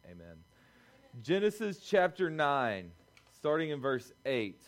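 A young male youth pastor delivers a lively sermon in a casual, talky way. His voice sits high, and he keeps the energy up, breaking into quick acted-out lines for the people in his story. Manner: animated, conversational, acts out quoted voices.

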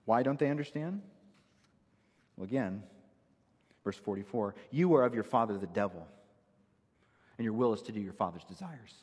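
A man's voice: fairly low pitch, lively intonation, normal speed, pauses often, a little mellow, breathy edge, big-room sound. A male pastor preaching an emphatic, verse-by-verse expository sermon in a church sanctuary.

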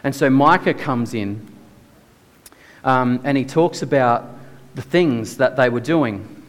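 A man gives a sermon in an easygoing, conversational manner, as if chatting with friends. His voice sits at a middling pitch. It rings out in a church hall with a long, lingering echo. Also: takes it slowly. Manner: casual and conversational, with many "like"s. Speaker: preacher.

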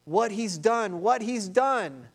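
Male pastor with a high, lively sermon delivery and a storyteller's energy. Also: slow pace. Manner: animated storytelling, addresses listeners as beloved.

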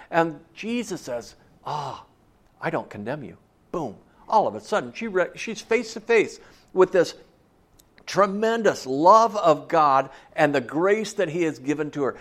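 A man preaches a sermon in an easy, conversational manner. He keeps checking in with the congregation with questions. His voice sits a touch high for a man. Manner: conversational, asks the listeners questions. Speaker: pastor.

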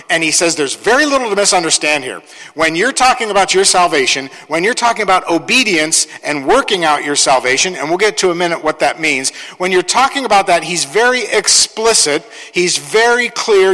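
A man's voice: a little high, sharp tone, long reverb tail. A man pastor preaching a sermon, emphatic, repeating key phrases and slipping in ironic asides.

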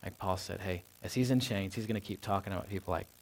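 A man in his thirties gives a sermon in a church, and his voice sits a little low. He talks in an easygoing, personal way, with fillers and restarts scattered through. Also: quick pace, gravelly. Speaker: pastor. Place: church sanctuary.

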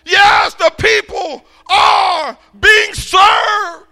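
A middle-aged man preaches to a congregation in a voice pitched very high for a man, with a bright, sharp edge. He surges into shouts and then drops to quiet asides, stammering and repeating words as he goes. A rough, gravelly fry runs under his speech. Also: fairly even intonation, very slow, some chatter behind. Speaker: pastor. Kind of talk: sermon. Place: church, before a congregation.

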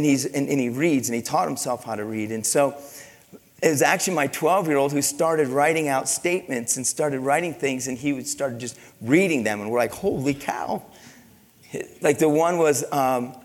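A middle-aged man preaching a sermon as pastor, telling stories in an animated way with many restarts and repeated words. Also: on the high side. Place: church sanctuary. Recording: long reverb of a church hall.

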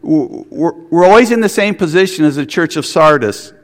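A man's voice: on the high side, lively intonation, normal speed, in a large hall. A man preaching a sermon, earnest, with restarts and rhetorical questions. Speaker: pastor.

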